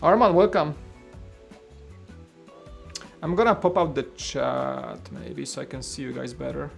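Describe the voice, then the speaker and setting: A man's voice: mid-range voice, lively intonation, measured pace, creaky, faint music behind. A man hosting a casual live stream while building, rambling and thinking aloud to his chat into a studio mic at his home setup.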